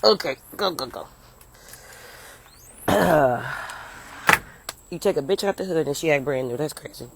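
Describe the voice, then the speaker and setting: With vocal fry and frequent pauses, a young American comedian tells an unhurried, rambling story in a low-pitched, expressive voice. She livestreams from home, partly outdoors, on her phone at arm's length, swearing freely and breaking off to chat with viewers, with a noisy background.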